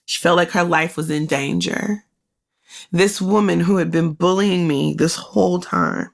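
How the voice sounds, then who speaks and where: Brief: woman podcast host, low-pitched and gravelly, candid storytelling full of "like" fillers. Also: measured pace. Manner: candid and emotional, talks straight to listeners; conversational, with many "like" fillers. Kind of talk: personal storytelling.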